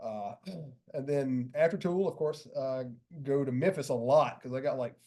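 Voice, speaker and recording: A man's voice: medium pitch, moderate pace, mellow. A man hosting a casual porch chat, telling concert stories in a laid-back way and laughing often. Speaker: podcast host.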